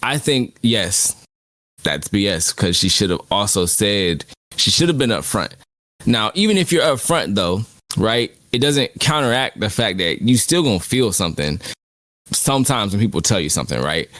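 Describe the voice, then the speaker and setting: A man's voice: on the low side, animated, normal speed, fairly bright tone, no room sound. A man co-hosting a casual anime podcast. He reasons through his views in a reflective, slangy way. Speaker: podcast co-host.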